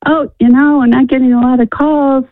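A woman's voice: sits high, steady tone, a little fast, no echo. A woman calling in to a radio show, hesitant and repeating herself as she works out her question. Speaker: caller. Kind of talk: phone-in conversation. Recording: tinny phone line.

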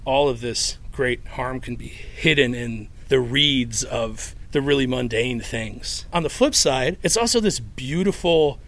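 A man's voice: medium pitch, animated, a little slow, creaky, fairly bright tone. A man from Chicago, a podcaster, answering interview questions in a playful way. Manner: playful, laughing. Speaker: podcaster and musician.

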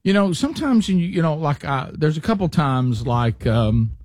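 A man's voice: a little high, animated, normal speed, a little mellow, no room sound, studio quality. A man, hosting a talk radio show and telling stories in a rambling, self-deprecating way. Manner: rambling, self-deprecating storyteller with many restarts. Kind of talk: casual talk radio banter.

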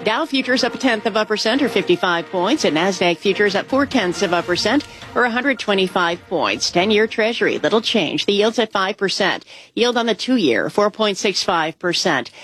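A woman co-anchoring a radio news show, delivering market figures briskly and steadily. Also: mid-range voice, lively intonation, faint music behind. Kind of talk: scripted radio news reading.

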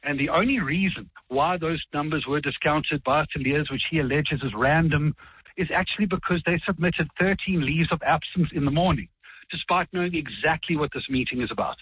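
Husky South African man, assertive rebuttal. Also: fairly high pitch, a bit bright, dry recording, highs cut off. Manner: assertive, rapid rebuttals, quotes rules. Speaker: political party spokesman. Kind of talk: broadcast political debate.

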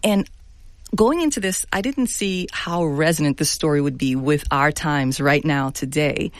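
A middle-aged woman journalist giving a thoughtful radio interview, speaking earnestly and laughing softly now and then. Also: low voice, measured pace, no room sound. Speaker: journalist guest.

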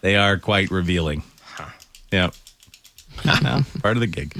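Bright-voiced male radio co-host. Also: deep voice, expressive, a little slow, creaky, long pauses, no room sound. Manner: reads listener texts aloud, laughs often. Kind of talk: casual radio chat.

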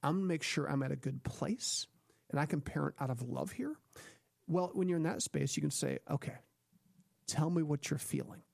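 Podcast host, male, gravelly and husky, earnest coaching delivery, dry close sound. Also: on the high side, normal speed, dry recording. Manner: earnest, coaching, acts out calm parent lines. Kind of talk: parenting advice talk.

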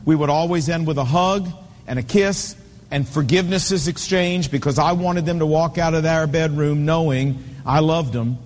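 Fifties guy preaching, high voice, punchy repeated lines, big echoey hall sound. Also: normal speed, darkish tone. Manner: emphatic, repetitive preaching cadence with storytelling. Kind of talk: sermon to men on fatherhood.

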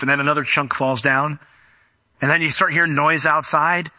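A man's voice: on the high side, fairly even intonation, normal speed, sharp tone, no echo. A man preaching a sermon in a conversational way, with restarts and rhetorical questions. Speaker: pastor.

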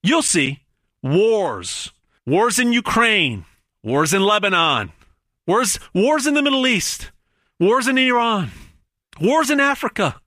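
Pushing gold in a hard-sell monologue, a man speaks with a bright, forceful, swooping liveliness, emphatically repeating words and stumbling over restarts. He draws out big numbers with dramatic pauses, and the close, dry recording has no echo.

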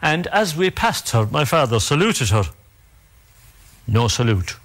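A man's voice: a little high, sing-song, fairly bright tone. Irish man telling a spooky folk tale. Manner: measured and dramatic, with repetitions and pauses. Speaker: storyteller. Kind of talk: oral folk storytelling.

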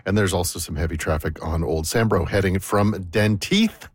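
A man's voice: deep voice, normal speed, husky, dry recording, studio quality. A man giving a laid-back, chatty traffic report on the radio.

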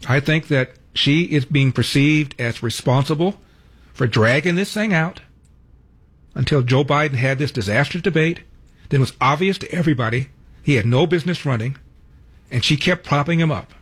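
A man's voice: moderate pace, a bit bright, breathy edge. A man hosting a political talk radio show, commenting in a mocking way. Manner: mocking, mimics quotes in a high voice.

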